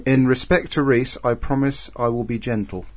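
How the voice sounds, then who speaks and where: Husky-voiced man reading listener mail. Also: medium pitch, steady tone, normal speed, dry recording. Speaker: podcast co-host reading listener feedback. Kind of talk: casual podcast chat.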